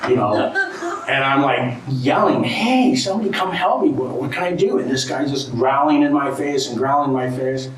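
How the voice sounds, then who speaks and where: A middle-aged man, a guest speaker, telling an anecdote to an audience in a casual, animated way, with frequent "you know" and "right?". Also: medium pitch, slight background noise. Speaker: guest speaker, tribal art collector. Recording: very echoey room, distant mic, faint ambience.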